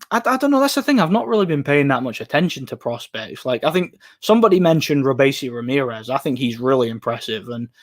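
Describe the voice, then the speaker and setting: A tired man with an English Midlands accent chats casually on a livestream, rambling and repeating himself between laughs. His voice is mid-pitched. The recording is dry and close with no room sound. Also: no room sound. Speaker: livestream host reading chat. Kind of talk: casual chat.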